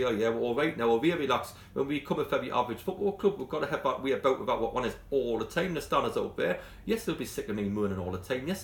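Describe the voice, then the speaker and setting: A man's voice: medium pitch, gravelly, roomy sound. A man with a Geordie accent, a football club manager giving a blunt, passionate interview, talking in bursts with many restarts. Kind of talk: post-training interview.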